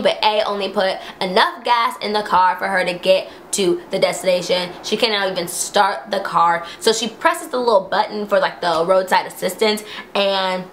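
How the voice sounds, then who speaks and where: Young woman, casual recap vlogger, middle pitch, lively retelling, faint room noise. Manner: chatty, acts out quotes in high voices. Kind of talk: casual chat.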